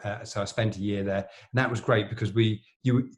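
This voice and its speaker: A middle-aged man with a fairly low voice telling stories in a relaxed podcast chat. He wanders through his anecdotes, restarting sentences and padding them with fillers. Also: a little fast. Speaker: plastic surgeon, podcast co-host. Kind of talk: casual storytelling chat.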